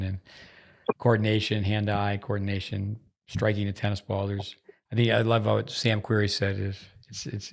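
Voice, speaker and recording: Low gravelly flat-voiced male host. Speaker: podcast host. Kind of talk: interview questions.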